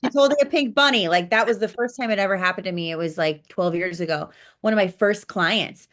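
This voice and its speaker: A woman spiritual coach, a podcast guest, telling client stories in an animated, blunt way, swearing casually and acting out quotes. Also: mid-range voice, brisk. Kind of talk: interview storytelling.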